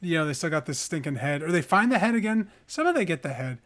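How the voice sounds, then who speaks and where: A man co-hosting a gaming podcast in casual chat, animated and full of filler words. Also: on the high side, fast. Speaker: podcast co-host.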